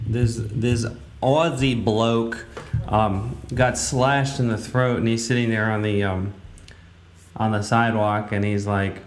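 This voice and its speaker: A man's voice: on the low side, steady tone, takes it slowly, a little hiss or hum. A man hosting a radio talk show, giving casual, rambling commentary in a blunt way with many fillers. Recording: roomy, echoey room.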